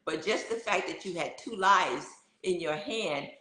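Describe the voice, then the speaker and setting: Middle-aged woman chatting, lively storyteller, bright voice, roomy echo. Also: lowish voice, unhurried. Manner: animated storyteller, acts out quoted voices. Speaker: guest sharing birth stories. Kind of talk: casual conversation.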